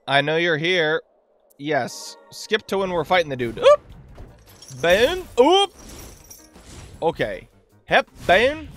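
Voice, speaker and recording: Excitable male let's-play host. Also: a little high. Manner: excitable, yelps and whoops during combat; talks to the boss and himself. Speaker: gaming channel host.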